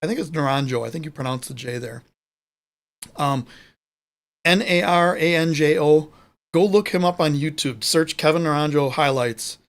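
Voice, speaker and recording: A man co-hosts a live sports show as a podcast co-host, rambling and chatty, frequently correcting himself mid-sentence. His voice is on the high side, at a moderate pace.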